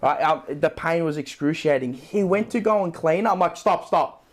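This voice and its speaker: A young man chatting on a podcast, telling a story in an animated way with a lot of swearing and acted-out quotes. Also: on the high side, normal speed. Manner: animated, swearing storyteller acting out his own lines. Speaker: podcast co-host. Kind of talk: casual chat.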